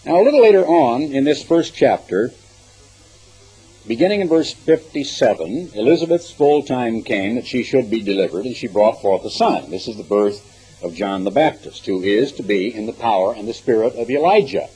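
Husky man preaching with lively pitch. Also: normal speed, rough recording. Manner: emphatic, rising and falling delivery, reads verses then comments. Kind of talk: sermon with scripture reading.

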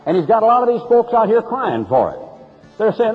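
A man preaches an emphatic, sarcastic broadcast sermon, speaking briskly with a breathy edge and big, sharp swings in pitch. Faint music plays behind him, and the dull lo-fi tape carries a long reverb.

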